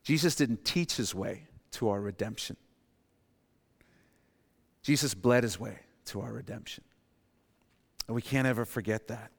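A man preaching a sermon as pastor, swinging between forceful rises and quiet, emphatic drops. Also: on the low side, measured pace, vocal fry, pauses often. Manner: dynamic preaching, dropping to quiet emphasis and rising for acted quotes. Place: church sanctuary. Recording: long hall reverb.

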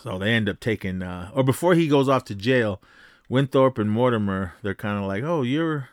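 A man's voice: lowish voice, fairly quick, no room sound, clean studio sound. A man hosting a podcast, casually retelling a movie in a rambling way full of fillers and restarts. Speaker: podcast host.

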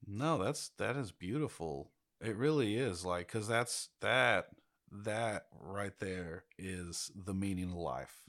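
A man with a fairly low voice in relaxed conversation, earnest and heartfelt. He leans on filler words and drops the odd curse word as he talks. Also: takes it slowly. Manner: earnest, casual swearing, many "like"s. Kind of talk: casual chat.

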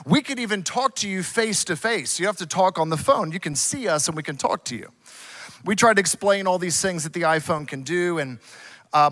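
A man's voice: on the high side, fairly bright tone. A man in his forties, a pastor who preaches a conversational, earnest sermon full of stories.

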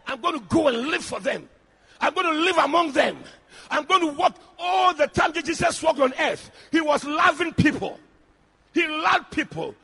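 A man preaching a fiery sermon, shouting repeated lines with call-and-response cries. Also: very high-pitched, lively intonation, normal speed, creaky.

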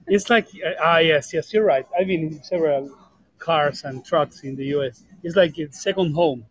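A man's voice: a little high, normal speed, no echo, rough recording. A man from Argentina calling in to a podcast from a bar, chatting and teasing his co-hosts. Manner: joking, teasing banter. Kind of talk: casual chat.

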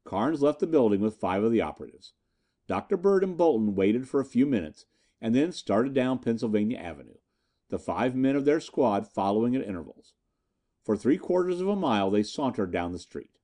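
A man narrating a pulp adventure story as an audiobook reading, with lively storytelling. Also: medium pitch, a little fast.

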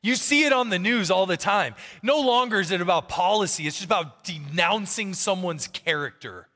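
A man preaching a sermon as pastor, animated and conversational, acting out quotes from the people in his stories. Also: high-pitched, moderate pace, long reverb tail.

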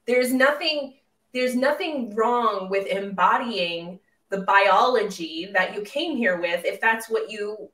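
A woman podcast host who talks in an animated, opinionated way, often repeating words as she starts a point. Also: mid-range voice, slow. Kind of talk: conversational podcast interview. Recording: roomy, distant mic.

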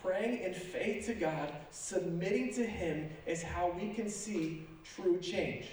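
A pastor preaching a sermon in an animated, joking manner with sarcastic asides. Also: male voice, sits high, slow pace, slight background noise. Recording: echoey sanctuary, from a distance.

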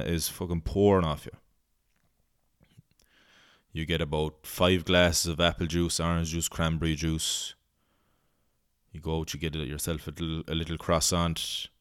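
Irish male podcast host, low and smooth, dry booth sound; loose comic rambler who swears freely. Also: dry recording. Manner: rambling, swearing, goofy put-on voices. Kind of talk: casual comedic monologue.

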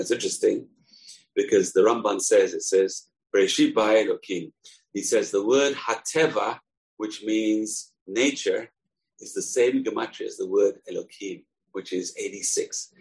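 A man teaching a Torah lesson in an animated way, asking rhetorical questions aloud. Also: on the low side, low-quality recording. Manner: animated, rhetorical questions, acts out voices in a joke.

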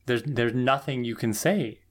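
A man's voice: mid-range voice, unhurried. A man co-hosting a podcast, talking through a TV episode in a thoughtful, tired way, often adding "right?". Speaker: podcast co-host. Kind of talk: casual recap chat.

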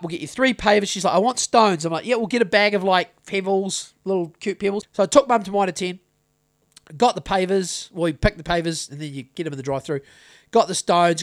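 A man's voice: sits high, a bit bright, dry recording, clean studio sound. Sweary New Zealand man ranting. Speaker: podcast co-host. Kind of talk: casual chat.

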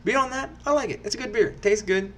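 A man's voice: sits high, fast talker, slight background noise. A man co-hosting a casual beer review show, emphatic and teasing. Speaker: podcast co-host. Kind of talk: casual chat.

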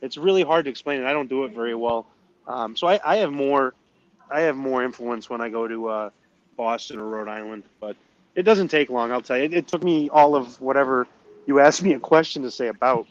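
A man's voice: mid-range voice, fairly quick, lo-fi sound. Chatty man from northern Maine. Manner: chatty, self-deprecating, with frequent restarts. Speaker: cigar company guest. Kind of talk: casual interview chat.

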